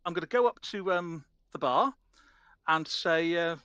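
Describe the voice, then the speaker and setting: A hesitant man at a tabletop game, hedging with fillers while he works out his character's actions. His voice is bright and fairly high, and the recording is dry and close. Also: unhurried, clean tone, no room sound. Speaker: player.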